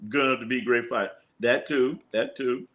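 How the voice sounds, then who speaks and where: A man's voice: mid-range voice, fairly even intonation, brisk, a bit bright. A man hosting a live sports stream, reading viewer comments aloud and riffing on them with loose, profane jokes. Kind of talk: casual livestream chat reading viewer comments.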